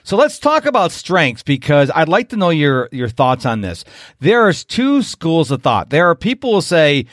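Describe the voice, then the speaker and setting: A man's voice: a little high, huge pitch swings, unhurried, fairly bright tone, dry recording, clean studio sound. A man from upstate New York hosting a podcast, chatty and upbeat as he interviews a guest. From Rochester, New York. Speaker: podcast host.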